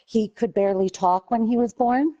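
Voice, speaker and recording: A middle-aged woman scolding young gamers over voice chat in a stern, lecturing, mock-calm way. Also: a little high, normal speed, muffled recording. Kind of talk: voice chat argument.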